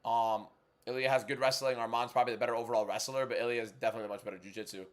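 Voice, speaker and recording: A young man hosting a fight-night watchalong stream from home, reading viewer questions and giving frank, quick opinions in casual chat. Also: mid-range voice, level tone. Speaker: livestream host.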